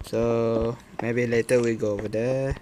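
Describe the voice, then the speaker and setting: A man's voice: medium pitch, little pitch movement, unhurried, darkish tone, slight background noise. A man casually commenting on his gameplay in hesitant, broken English, full of fillers, chatting to game characters and swearing when things go wrong.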